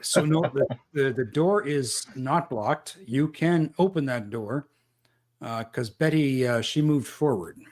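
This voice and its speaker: A man running a tabletop role-playing game as game master, describing the action with frequent pauses and fillers. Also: mid-range voice, a little mellow. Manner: measured, thinking aloud with fillers.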